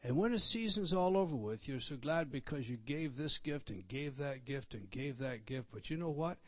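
A man's voice: mid-range voice, lively intonation, normal speed, dry recording. Man, pastor, expository sermon, emphatic, repeats himself, asks listeners questions, dry recording.

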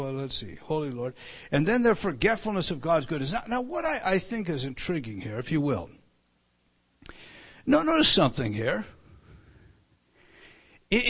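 A male preacher with a fairly high voice that swings widely up and down as he teaches. He stumbles and restarts often, then rises to loud, emphatic phrases before falling back to quiet asides. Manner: animated teaching, many restarts and stammered repeats; builds to loud emphatic lines, drops to soft asides. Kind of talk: sermon.

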